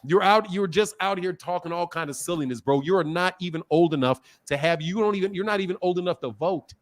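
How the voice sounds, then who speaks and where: Middle-aged guy hosting a boxing stream, kinda high voice, mocking and taunting a caller, leaning into his computer mic. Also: fast. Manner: mocking, taunting, laughs often. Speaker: boxing channel host. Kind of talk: heated live-stream argument.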